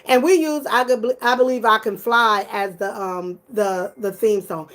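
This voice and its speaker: A middle-aged woman talks through a casual commentary, animated and blunt, with plenty of swearing. Her voice sits a little high. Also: normal speed. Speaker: commentary YouTuber.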